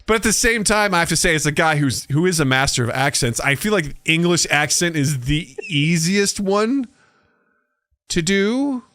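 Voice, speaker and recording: A man co-hosting a podcast speaks in a fairly high, fairly bright voice with lively intonation at a moderate pace. The recording is clean studio sound without echo, and his casual chat is rambling, jokey, and includes some swearing.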